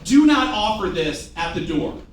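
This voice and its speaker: Animated man training a room of salespeople. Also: high voice, measured pace, a little hiss or hum. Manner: animated, jokey, drills the audience with call-and-response. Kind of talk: live sales training talk. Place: large room with a live audience. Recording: echoey room, picked up from a distance.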